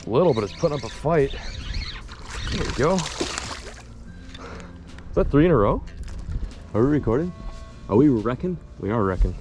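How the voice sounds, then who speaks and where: A man vlogging while fishing from a boat on a lake, giving casual, excitable running commentary and chatting to the fish and trees he snags. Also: mid-range voice, normal speed, long pauses, music in the background.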